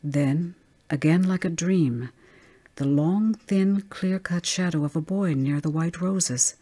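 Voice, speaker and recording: A woman reading a ghost story aloud as an audiobook narrator, measured and tense. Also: fairly low pitch, warm tone.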